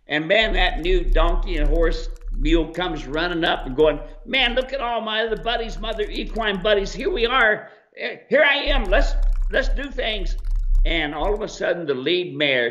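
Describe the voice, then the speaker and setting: Folksy male trainer-host, lively and animated, slightly higher voice, muffled lo-fi recording. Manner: animated, acts out animals and people in quoted asides. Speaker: mule trainer and show host. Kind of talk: casual folksy advice. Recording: dull lo-fi sound.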